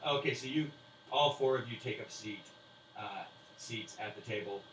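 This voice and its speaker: A man's voice: lowish voice, moderate pace, fairly bright tone. A man narrating as game master, rambling with fillers and restarts. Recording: roomy, distant mic with faint hiss.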